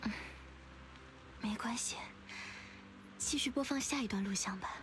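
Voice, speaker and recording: An actress playing a shaken young woman who speaks softly, close to a whisper. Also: fairly high pitch, measured pace, slight background noise, natural voice. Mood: subdued. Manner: soft, hushed, near-whispering. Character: shaken young woman facing her past, soft-spoken. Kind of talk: dubbed game cutscene acting.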